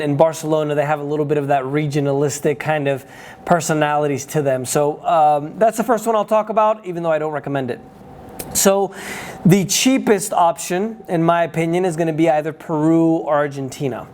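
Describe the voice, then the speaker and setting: A man whose first language is Spanish, speaking in a slightly higher register. He chats casually to camera as a travel vlogger. He gives his opinions freely and works out his points aloud. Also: steady tone, a little fast, darkish tone. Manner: chatty, opinionated, thinking aloud.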